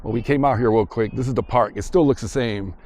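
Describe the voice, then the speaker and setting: A man's voice: mid-range voice, fast talker, slight background noise. A man casually narrating a vlog outdoors, chatting as he walks through a parking lot and ballpark with a handheld camera. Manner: relaxed, chatty, retells scenes as he walks. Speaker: vlogger visiting filming locations.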